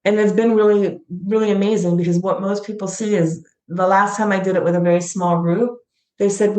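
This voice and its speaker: A woman's voice: medium pitch, fairly even intonation, brisk, warm tone, echoey room, low-quality recording. A middle-aged woman, a guest in an interview, telling a heartfelt personal story in an earnest, emotional way. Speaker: guest, founder of a gratitude platform.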